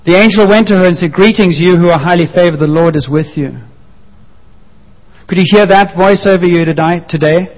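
A man preaching a sermon to a congregation, repeating key phrases and slowing down to press his points home. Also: high voice. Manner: emphatic, repeats key phrases, slows for emphasis. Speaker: pastor. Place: church hall. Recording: muffled sound with long church reverb.

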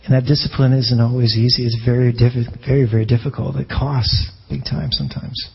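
A man's voice: medium pitch, flat delivery, a little fast, gravelly, breathy edge, dull audio. A man preaching a sermon as a pastor in a conversational way, often restarting phrases and asking rhetorical questions.

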